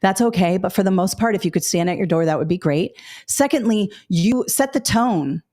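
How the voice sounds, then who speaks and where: A woman's voice: mid-range voice, animated, normal speed, dark tone. A middle-aged woman hosting a live teaching webinar, talking directly and casually with frequent fillers. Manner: chatty, direct, many fillers and asides. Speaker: education webinar host.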